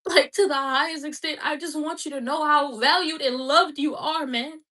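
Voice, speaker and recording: A woman's voice: high voice, fairly even intonation, normal speed, pushed and bright, far from the mic. A woman giving an emotional, preachy faith monologue, repeating her exhortations with passion and at times crying. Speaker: vlogger.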